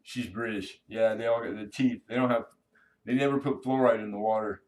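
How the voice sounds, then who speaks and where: A man's voice: on the low side, fairly even intonation, brisk, a little mellow, far from the mic. A man hosting a casual coin-collecting live stream, chatting with viewers in a laid-back, slangy way.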